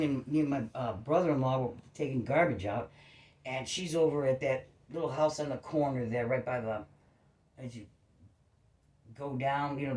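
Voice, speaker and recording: A woman's voice: extremely low pitch, echoey room. A woman telling a long, rambling story about her neighbors in casual chat, swearing freely. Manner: rambling, profane, animated storytelling.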